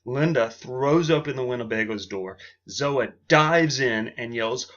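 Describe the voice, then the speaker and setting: A man telling a comic story in a deadpan, offhand way, with casual asides, on a dull lo-fi recording. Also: medium pitch, unhurried.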